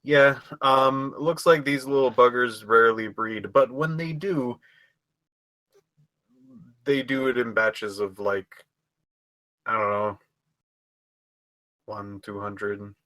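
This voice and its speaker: A man plays in a tabletop role-playing session, chatting casually and laughing often. His voice is mid-pitched. The sound is dry and close. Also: fairly even intonation, slow, long pauses, bright, forceful tone, dry recording. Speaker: player.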